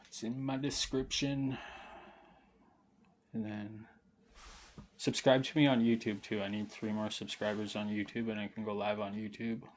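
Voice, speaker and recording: A man's voice: on the low side, level tone, moderate pace, pauses often, a little hiss or hum. A young man telling a rambling, profane story on a late-night livestream, laughing often and sounding intoxicated. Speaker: streamer.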